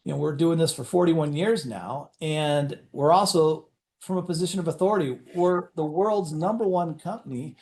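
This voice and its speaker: A man's voice: fairly high pitch, moderate pace, darkish tone, a little hiss or hum. A man, a company executive, giving an enthusiastic motivational presentation to sales leaders, telling stories with acted-out dialogue and often restarting his words.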